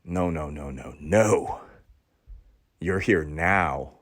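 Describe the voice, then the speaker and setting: Deep-voiced man preaching with dramatic pauses. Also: no echo, clean studio sound. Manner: sermon-like cadence with dramatic pauses and repeated phrases; stammering restarts. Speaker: podcast host. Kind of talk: preachy motivational monologue.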